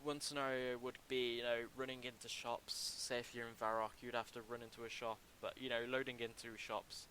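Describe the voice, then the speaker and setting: A young man casually commenting on a livestream while building a game level, talking in a halting, chatty way with many ums and restarts into a desk mic. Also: mid-range voice, level tone, pushed and bright, a little hiss or hum, poor audio.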